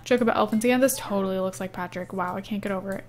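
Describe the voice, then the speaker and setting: In this casual let's-play, a young woman with a mid-range voice talks rapid-fire as a gaming YouTuber narrating her life-simulation game. She's chatty and giggly, sprinkling in plenty of "um" and "like."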